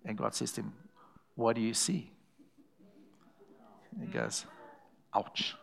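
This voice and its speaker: A man's voice: mid-range voice, slow pace, vocal fry. A man preaching a sermon in a church, telling stories and calling out to the congregation. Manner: animated, calls to the congregation, acts out quoted voices. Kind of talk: sermon with storytelling.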